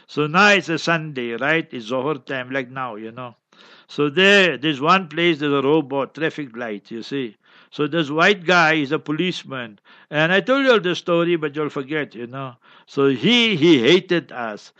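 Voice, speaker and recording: An imam tells a chatty story during a question-and-answer talk. His voice is high and bright, and he keeps adding "you know". The sound is dry and dull, like a lo-fi recording. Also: expressive, moderate pace, no room sound. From South Africa.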